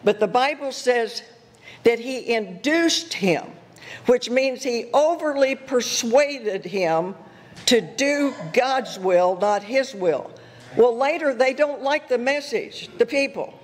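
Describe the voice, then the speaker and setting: An older woman giving a guest sermon, telling personal stories in an animated way, laughing and acting out her own thoughts. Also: a little high, slow pace. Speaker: guest speaker at church. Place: church sanctuary. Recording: echoey church hall with faint noise.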